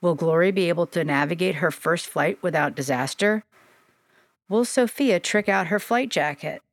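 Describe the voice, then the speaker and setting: A woman narrates a storybook in a gentle, descriptive way, her voice sitting a little low. The recording is dry and close, with no room sound. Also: normal speed, no echo.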